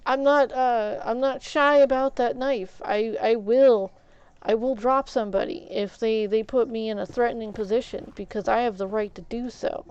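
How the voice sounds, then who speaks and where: A woman's voice: fairly high pitch, normal speed, darkish tone, clean tone, no room sound. Heated woman streamer, muffled lo-fi mic. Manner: heated, indignant, stumbling repeats. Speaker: livestreamer. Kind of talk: casual chat while gaming.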